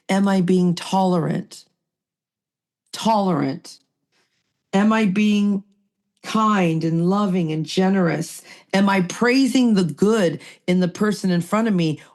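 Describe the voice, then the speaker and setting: A woman hosts a recovery podcast in an earnest, preachy way. She reads passages and comments on them, often lecturing herself. She slows down and stretches certain words to stress them. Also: mid-range voice. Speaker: podcast co-host.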